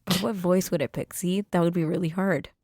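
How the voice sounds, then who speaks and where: A woman's voice: on the low side, fairly even intonation, brisk, darkish tone, no room sound, studio quality. A woman co-hosting a podcast, asking curious questions with enthusiasm in casual chat. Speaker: podcast co-host.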